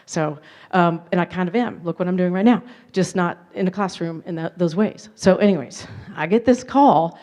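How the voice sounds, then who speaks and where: A woman's voice: fairly low pitch, normal speed, darkish tone. A woman giving a conference keynote, telling her story candidly with self-deprecating asides. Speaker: keynote speaker. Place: conference hall.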